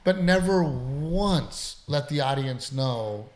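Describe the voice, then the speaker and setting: A man's voice: mid-range voice, animated, slow. A middle-aged man, a comedian and podcast co-host, telling a story in candid, emphatic casual chat and swearing freely.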